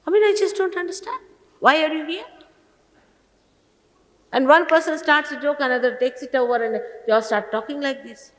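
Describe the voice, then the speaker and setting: A woman's voice: high voice, moderate pace, pauses often. Stern sixty-year-old woman scolding, echoey hall. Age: 60s. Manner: scolding, exasperated, rhetorical questions. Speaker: spiritual teacher addressing followers. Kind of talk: stern scolding address to a gathering. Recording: echoey hall, archival talk recording.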